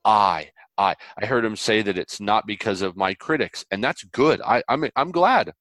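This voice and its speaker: Man, interview guest, lowish pitch, dry close sound, earnest preacher-like storyteller. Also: moderate pace, no echo. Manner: earnest, animated storytelling with voiced quotes; preacherly, biblical illustrations. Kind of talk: conversational interview.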